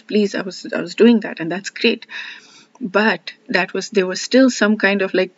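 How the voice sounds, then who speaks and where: Earnest woman talking things through, repeats herself, goes soft and near-whispery when guiding, kinda muffled lo-fi audio. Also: mid-range voice, steady tone, moderate pace. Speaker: spiritual self-help speaker. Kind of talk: reflective personal monologue.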